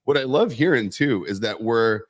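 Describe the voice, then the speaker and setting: A man's voice: medium pitch, lively intonation, normal speed, dry recording. A man co-hosting a casual livestream, rambling and often restarting his sentences, with a mixed American accent picked up from moving around. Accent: mixed American accent from many moves. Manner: rambling, self-interrupting, repeats words. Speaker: co-host, company owner.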